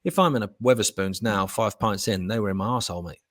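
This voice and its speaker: Lowish sweary bloke chatting on a podcast, animated storytelling. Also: male voice, quick pace. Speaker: podcast co-host. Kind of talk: casual chat.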